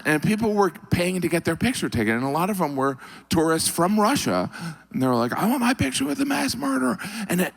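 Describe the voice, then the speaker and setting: A middle-aged man doing a deadpan stand-up routine on stage. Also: a little high, creaky, breathy edge. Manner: deadpan, puts on mock Russian voices in quotes. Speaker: stand-up comedian. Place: comedy stage before a live audience.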